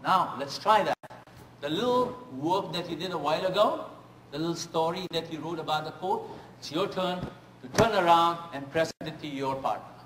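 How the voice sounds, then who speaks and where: A man giving a public speaking workshop, telling stories and often checking in with his audience in an animated way. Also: a little high, normal speed, a little hiss or hum. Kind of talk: seminar talk with storytelling. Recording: echoey room with faint ambience.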